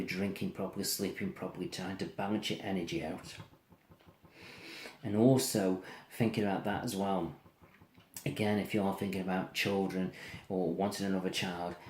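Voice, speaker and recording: Deep-voiced man as card reader, soothing and repetitive, a little weary, echoey room with faint background hum. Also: darkish tone. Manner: soothing, repetitive, yawning and tired. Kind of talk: tarot-style reading to camera.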